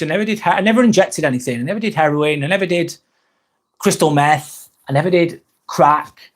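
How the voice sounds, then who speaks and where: English guy hosting a live vlog, slightly high voice, candid and rambling. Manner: candid, rambling, reads viewer comments aloud. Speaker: live-stream host. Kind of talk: casual live-stream chat.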